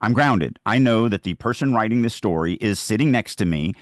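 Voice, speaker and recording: Deep-voiced man, dry close sound. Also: expressive, fairly quick, no room sound. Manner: emphatic, speaks from the reader's point of view. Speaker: podcast co-host. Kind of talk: casual discussion on writing craft.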